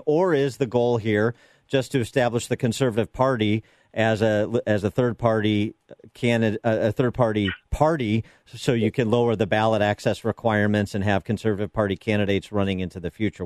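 A man's voice: fairly low pitch, darkish tone, no echo, studio quality. A man hosting a radio talk show, asking probing questions with lots of fillers and restarts. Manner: probing, hesitant, with many fillers. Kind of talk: radio interview.

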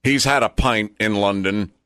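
A man's voice: lowish voice, normal speed, sharp tone, clear, resonant tone, dry recording. A man anchoring the news on a radio show, reading and bantering with dry, wry asides.

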